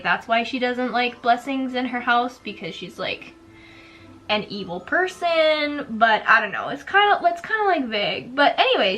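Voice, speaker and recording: Chatty high-voiced woman vlogger. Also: bright, forceful tone. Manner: chatty, sarcastic, says "like" and "girl" often. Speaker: spooky lifestyle vlogger. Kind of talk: casual storytelling while doing makeup.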